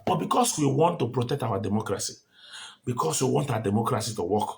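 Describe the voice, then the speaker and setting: A man's voice: medium pitch, lively intonation, fast talker, vocal fry. A man giving his legal opinion on a court order, emphatic and repeating his key phrases. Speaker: legal commentator. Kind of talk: spoken opinion commentary.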